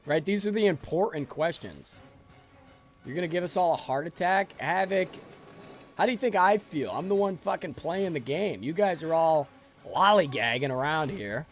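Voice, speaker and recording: A man's voice: on the high side, lively intonation, normal speed, soft background music. A man streaming a game live, joking and rambling sleepily with his chat.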